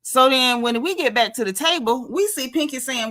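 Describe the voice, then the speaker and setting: A young woman, recapping reality TV in casual commentary, sassy and animated, acting out the quotes. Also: high-pitched, normal speed.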